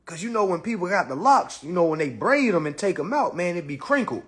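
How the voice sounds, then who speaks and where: A man's voice: sits high, big pitch swings, moderate pace, pauses often, slightly rough. A man hosting a casual phone livestream, talking in a boastful, repetitive, profane way. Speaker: livestream host.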